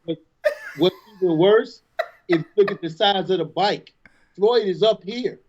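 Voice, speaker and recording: A man's voice: high-pitched, measured pace, a little mellow, highs cut off. A man co-hosting a podcast, tossing short joking remarks into a casual chat.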